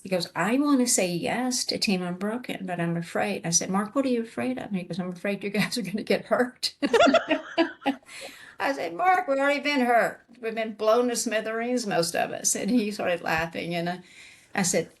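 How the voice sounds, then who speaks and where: A middle-aged woman tells her story as an interview guest, acting out each voice in the exchange. Her voice sits a little low and sounds husky. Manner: animated storyteller acting out quoted dialogue. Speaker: interview guest, retired Army command sergeant major.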